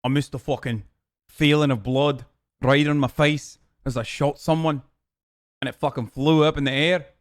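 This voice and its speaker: A man's voice: on the high side, steady tone, normal speed, no room sound, studio quality, lightly acted. A man doing a crude, mocking impression of a brash young male army veteran. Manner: crude, gleeful, mocking, profane.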